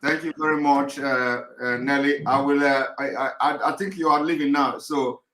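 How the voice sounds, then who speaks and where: A man hosts a live call-in show. He speaks hesitantly, filling his sentences with fillers while he works to calm the caller. His voice is bright, and the recording sounds roomy and echoey. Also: mid-range voice, moderate pace. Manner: hesitant, many fillers, calming. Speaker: host. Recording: roomy echo.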